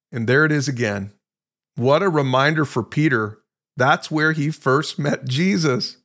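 A man's voice: a little high, moderate pace. A man hosting a podcast and teaching from the Bible, telling the story with emphatic, conversational energy and speaking straight to his listeners. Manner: animated, emphatic storytelling that acts out quoted lines; conversational, addresses listeners directly.

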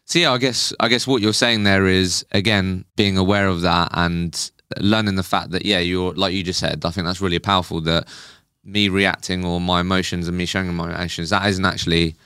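A man's voice: sits low, fairly even intonation, brisk, few pauses, bright, forceful tone, clear, resonant tone, dry recording, clean studio sound. A man hosting a podcast in casual conversation, thinking aloud and summing up his guest's points with many fillers. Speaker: podcast host.

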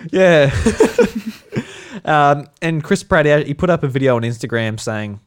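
A man's voice: a little high, lively intonation, moderate pace, smooth. Laughing Australian man co-hosting a podcast. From South Australia. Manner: laughs often, swears, acts out quotes. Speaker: podcast co-host. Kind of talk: casual chat.

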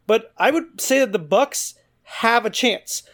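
A man's voice: very high-pitched, animated, a little slow, fairly bright tone. A man co-hosting a sports talk show, assertively laying out odds and arguments. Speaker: co-host. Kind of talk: casual sports debate.

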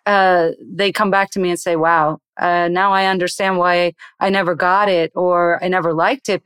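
Smooth, dry-voiced woman meditation teacher. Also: mid-range voice, fairly bright tone, dry recording. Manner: slow, soothing guiding voice. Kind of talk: interview, then guided meditation.

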